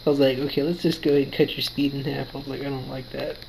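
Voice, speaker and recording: A man's voice: medium pitch, flat delivery, racing, vocal fry, darkish tone, a little hiss or hum, low-quality recording. A tired, yawning man giving casual play-by-play commentary on his own game battle, quoting his own thoughts as he goes. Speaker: gaming commentator.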